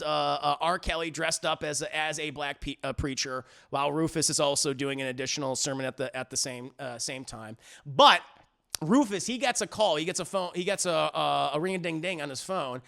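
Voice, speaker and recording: A man's voice: on the high side, a little fast, vocal fry, pushed and bright. A man reviewing music on a live stream, recapping a story in a rambling, profane way, with many fillers and restarts.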